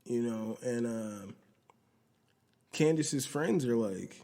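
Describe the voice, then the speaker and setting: Male podcast host, mid-pitched, rambling and profane episode recap, low-quality audio with a long echo. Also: measured pace, mellow. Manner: rambling, profane, retells scenes by quoting characters.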